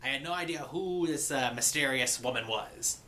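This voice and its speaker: A man recapping and reviewing a cartoon episode in a loose, chatty way. His voice is bright and forward. He sprinkles in mock pirate grammar and filler sounds. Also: medium pitch, normal speed.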